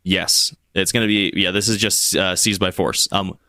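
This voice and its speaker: A man's voice: low voice, steady tone, moderate pace, sharp tone. A man narrating a tabletop game as game master, often restarting his sentences as he describes the action.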